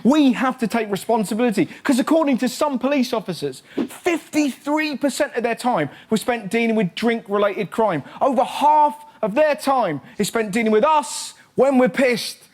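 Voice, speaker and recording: A man's voice: very high voice, lively intonation, normal speed, few pauses. A man hosting a comedy show, delivering a punchy, sarcastic stand-up monologue. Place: TV studio stage. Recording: loud studio audience laughter.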